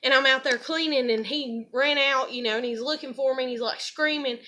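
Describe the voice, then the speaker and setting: A woman's voice: high voice, a little fast, pushed and bright. A woman telling a rambling, profane personal story in a heated rant. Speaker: vlogger.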